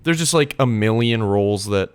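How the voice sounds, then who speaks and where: A young man co-hosting a movie podcast, chatting casually and animatedly, with quick asides and self-corrections. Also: fairly low pitch, lively intonation, smooth. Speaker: podcast co-host.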